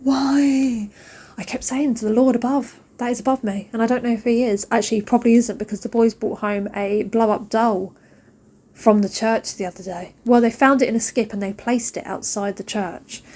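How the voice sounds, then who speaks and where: A woman's voice: fairly high pitch, steady tone, fairly quick, darkish tone. A British woman, a mum vlogger in her thirties, ranting casually and emphatically, repeating phrases for effect. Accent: British English. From United Kingdom.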